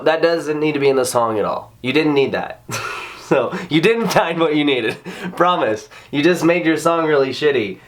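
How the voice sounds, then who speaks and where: A man hosting a reaction video, ranting in sarcastic, exasperated commentary full of swearing. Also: on the high side.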